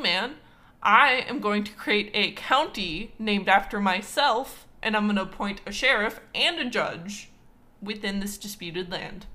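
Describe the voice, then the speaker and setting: A woman from Wisconsin hosts a casual history podcast, talking in a loose, chatty way full of fillers. Her voice is bright and edged, and she sounds playfully indignant throughout. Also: medium pitch. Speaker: podcast host.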